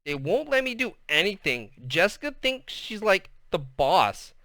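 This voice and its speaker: A man's voice: sing-song, unhurried, sharp tone, no room sound, studio quality, heavily acted. A man doing a whiny, upset schoolgirl. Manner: high, pleading and whiny.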